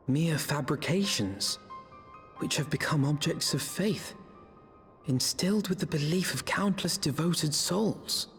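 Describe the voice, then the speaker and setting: A man's voice: a little high, expressive, a little slow, fairly bright tone. An actor playing a cool-headed young male scholar-mage in a video game, speaking precisely over game music. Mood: thoughtful.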